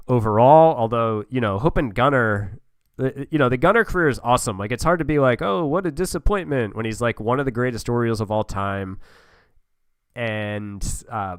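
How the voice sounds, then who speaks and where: A lowish, smooth male voice, recorded close and dry with no room sound. He talks through a sports sim game in a relaxed, conversational way, thinking aloud and trailing into fillers as he goes. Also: dry recording. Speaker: gaming channel host. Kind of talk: casual gameplay commentary.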